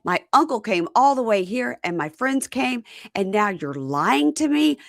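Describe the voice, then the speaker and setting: A woman's voice: on the high side, sing-song, measured pace, vocal fry, dry recording, clean studio sound, pitched above the performer's own voice, heavily acted. A woman voicing an offended, stern man who lectures indignantly about being lied to.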